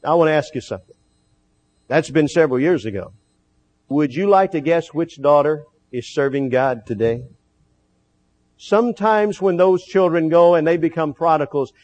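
A man preaching a sermon, earnest, slowing down to stress key phrases. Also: fairly high pitch, darkish tone, highs cut off.

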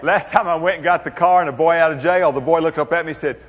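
An older man with a fairly high, slightly rough voice tells stories to an audience as a motivational speaker, talking quickly in a folksy, humorous drawl full of jokes. The lo-fi recording comes from a reverberant hall and sounds muffled and echoey.

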